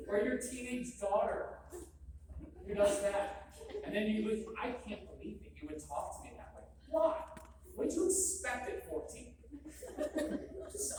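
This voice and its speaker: A man in his fifties giving a live seminar talk, blunt and joking, often quizzing the audience. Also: very high-pitched. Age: 50s. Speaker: convention speaker. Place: large echoey hall. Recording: echoey hall from far off, noisy.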